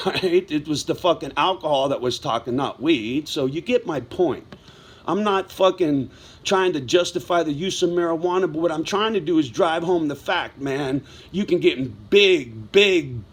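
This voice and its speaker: A man's voice: on the high side, breathy edge. A middle-aged man telling a story in a casual vlog monologue, blunt and heavy with swearing, wound up as he talks. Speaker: vlogger.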